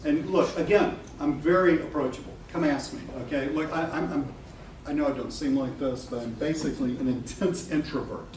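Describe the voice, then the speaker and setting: A middle-aged man speaks to a live audience at a seminar. His voice sits slightly high, and he is lively, blunt and quick to laugh. The recording is roomy and noisy, with the mic set well away from him. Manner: animated, laughing, blunt, swears casually. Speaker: marketing coach presenting a seminar. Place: event room with a live audience. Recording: echoey room from a distance, noisy.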